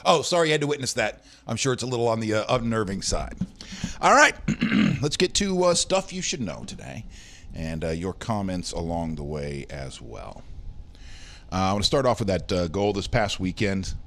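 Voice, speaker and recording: A man runs through the day's news in a loose, rambling chat. His pitch swings widely as he reacts to stories. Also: big pitch swings, normal speed, a bit bright. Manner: rambling, rough news rundown full of fillers. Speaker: host. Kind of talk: casual morning news chat show.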